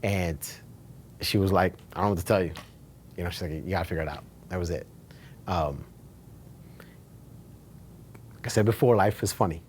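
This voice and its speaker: Animated man telling his own story. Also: deep voice, fast talker, slight background noise. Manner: animated, swears casually, repeats himself for emphasis. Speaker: real estate agent sharing his story. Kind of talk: casual storytelling talk at a meetup.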